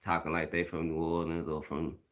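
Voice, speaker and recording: Deep-voiced Mississippi man, blunt and slangy. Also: completely flat delivery, brisk, a bit bright. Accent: Mississippi Southern. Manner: blunt and opinionated, slangy, repeats points. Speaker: live-stream host. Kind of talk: casual live-stream talk.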